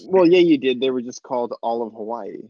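A man's voice: mid-range voice, lively intonation, a little fast, mellow, lo-fi sound. A man chatting and joking brashly while playing a game with friends in an online call. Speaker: co-player. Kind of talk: casual let's-play chat. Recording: noisy voice chat line.

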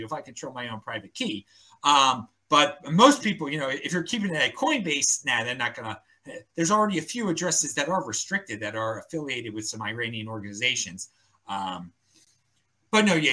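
A man with a Baltimore accent rambles through an opinionated podcast chat, restarting and repeating himself as he goes. His pitch swings widely and his voice has a bright, forceful edge. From Baltimore County, Maryland. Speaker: podcast guest.

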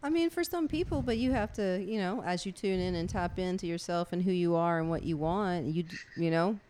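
A woman co-hosting a casual podcast, swearing and reacting loudly. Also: on the low side, brisk, slight background noise. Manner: swearing, animated, laughing along.

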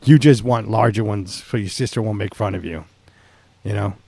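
A man's voice: fairly low pitch, normal speed, gravelly, a little mellow, husky, no echo. A man co-hosting a podcast in casual chat, rambling and laughing often. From San Antonio, Texas. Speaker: podcast co-host.

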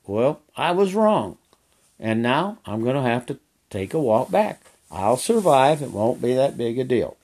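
A man's voice: medium pitch, big pitch swings, a little slow, a little mellow. An older man who works as a horseback trail guide, telling a story in a folksy, rambling way and repeating phrases. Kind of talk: casual storytelling.

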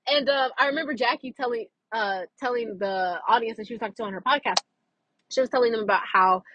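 A woman's voice: fairly high pitch, fast talker, fairly bright tone, husky, dry recording, highs cut off. A young woman, chatting animatedly to camera, full of fillers and laughs. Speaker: vlogger. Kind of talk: casual chat to camera.

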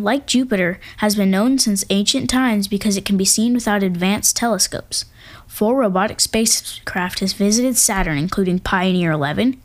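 Playful woman hosting an astronomy talk. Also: mid-range voice. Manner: playful, jokey asides, hums drum rolls. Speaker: podcast host. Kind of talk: casual educational narration. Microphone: home microphone.

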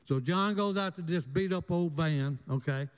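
A man's voice: on the high side, moderate pace, clear, resonant tone, big-room sound. An older man telling folksy stories, acting out the voices as he goes. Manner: animated, drawling, acts out voices. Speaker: storyteller guest. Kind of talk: folksy storytelling.

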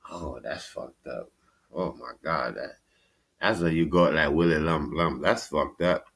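A man with a New York accent hosting a casual podcast chat. He laughs often, swears freely and retells stories in an animated way. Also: a bass voice, a little slow, slightly rough. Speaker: podcast host.

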